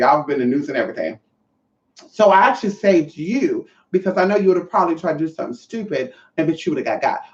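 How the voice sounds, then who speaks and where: Sassy trans woman vlogging, swears a lot, talks to the viewers directly; echoey room, set back from the mic, muffled sound. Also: fairly low pitch. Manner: sassy, profane, calls the viewers honey and y'all. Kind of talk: casual storytelling to viewers. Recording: echoey, distant, dull sound.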